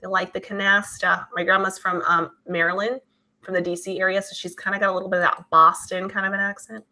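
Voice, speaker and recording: A woman hosting her channel, chatting casually and reading out viewer comments in a lively, talkative way. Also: medium pitch, fast. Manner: chatty, animated, many fillers. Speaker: channel host.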